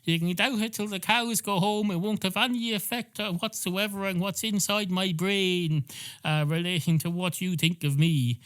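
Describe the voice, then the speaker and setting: A man's voice: high-pitched, fairly even intonation, moderate pace, a bit bright, clear, resonant tone, voice pushed up. A man voicing a smug, talkative male pub cat who rambles and swears. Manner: rambling, swearing, self-satisfied.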